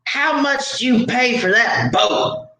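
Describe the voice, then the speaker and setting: A man's voice: extremely high pitch, slow, pushed and bright, voice pushed up, exaggerated voice. A man voicing an angry older woman who owns a houseboat, demanding and indignant, in an echoey room.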